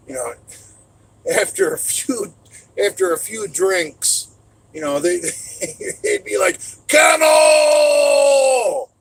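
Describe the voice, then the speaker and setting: Gravelly, profane man telling stories. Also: on the high side, poor audio. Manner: loud and profane, bursts into shouts. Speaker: streamer answering chat. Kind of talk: casual storytelling chat.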